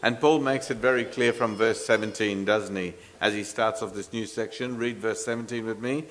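Earnest male preacher, emphatic and halting. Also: lowish voice, fairly even intonation, slight background noise. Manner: earnest, emphatic, many fillers and restarts; asks the congregation rhetorical questions. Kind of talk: expository sermon.

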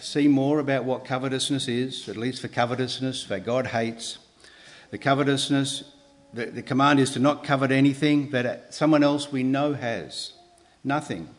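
A man preaching a sermon in an earnest, measured way, pausing and restarting, with emphatic rises on key words. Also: medium pitch.

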